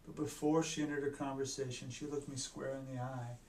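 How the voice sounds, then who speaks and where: Male doctor, mid pitch, earnest halting storyteller; roomy distant mic with faint background noise. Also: little pitch movement. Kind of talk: personal storytelling talk. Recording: echoey room, mic at a distance.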